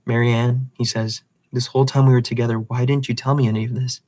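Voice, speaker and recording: Man reading a novel aloud, flat delivery. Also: mid-range voice, brisk. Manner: reads dialogue plainly, with slips and restarts. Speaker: reader.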